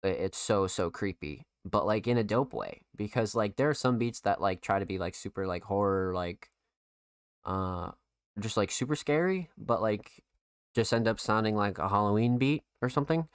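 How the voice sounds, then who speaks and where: A man's voice: fairly low pitch, moderate pace, clean tone, no room sound, studio quality. A young man hosting a podcast, giving a casual, profane music review full of fillers. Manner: profane, filler-heavy, enthusiastic.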